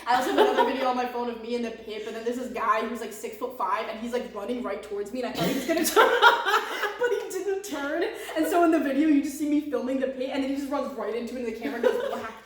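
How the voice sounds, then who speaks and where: A woman's voice: sits high, quick pace, few pauses, distant mic. A young woman hosting a podcast in casual chat, giggling and swearing as she tells stories. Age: young adult. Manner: giggly, swears a lot, animated storytelling. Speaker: podcast host. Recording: very echoey room.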